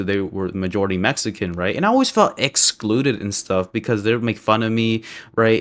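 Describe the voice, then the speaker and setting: A young man telling a casual storytime monologue, rambling and profane, tagging "right?" onto his sentences and swinging between heated bursts and low mutters. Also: a bit bright. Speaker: storyteller vlogger.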